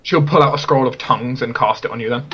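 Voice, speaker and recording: A man's voice: medium pitch, quick pace, bright, forceful tone, dull audio, slight background noise. A man running a tabletop game as game master, explaining rules and often stumbling and restarting his sentences. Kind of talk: narrating a tabletop game online.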